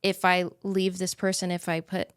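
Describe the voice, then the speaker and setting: A woman hosting a podcast who asks gentle, empathetic questions in an interview conversation. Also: fairly low pitch, completely flat delivery, moderate pace, smooth, no echo, clean studio sound. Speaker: podcast host. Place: podcast studio.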